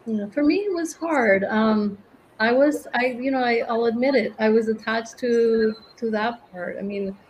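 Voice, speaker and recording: A middle-aged woman from Venezuela, a guest speaking in an interview in a reflective, gentle way. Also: on the high side, measured pace, slight background noise, low-quality recording. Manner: reflective, gentle, laughs often. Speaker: guest, cancer survivor and author. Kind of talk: interview conversation.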